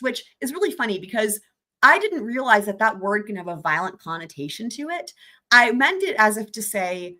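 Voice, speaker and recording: A woman's voice: a little high, expressive, a little fast, pushed and bright. A young adult woman hosting a livestream, telling a story in casual chat, laughing often and swearing freely. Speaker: livestream host.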